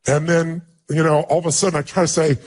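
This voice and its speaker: A man with a husky, somewhat raised voice addresses an audience as a motivational speaker. He tells a personal story with emphatic delivery and acts out the people in it. His tone is earnest and stirring. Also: fairly high pitch, level tone, fast talker.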